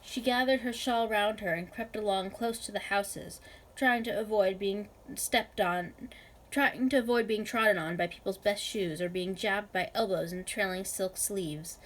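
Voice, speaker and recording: A woman reading a novel aloud in a measured, expressive way. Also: medium pitch, poor audio. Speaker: reader.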